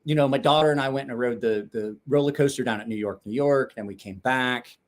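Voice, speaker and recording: A man's voice: mid-range voice, fairly quick. A middle-aged man hosting a casual livestream chat, blunt and rambling, swearing freely. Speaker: knife-sharpening channel host.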